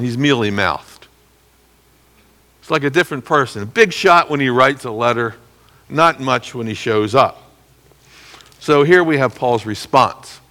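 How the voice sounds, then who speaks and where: A middle-aged man teaching from the Bible as a pastor, animated, acting out quotes and clearing his throat now and then. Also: medium pitch, big-room sound.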